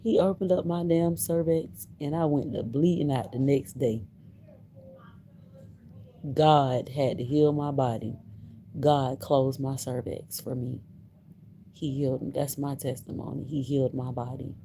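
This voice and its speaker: Slow-talking woman telling a story. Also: extremely low pitch, fairly even intonation, dark tone, a little hiss or hum. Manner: emphatic, repeats herself, laughs between lines. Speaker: livestreamer. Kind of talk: casual livestream storytelling.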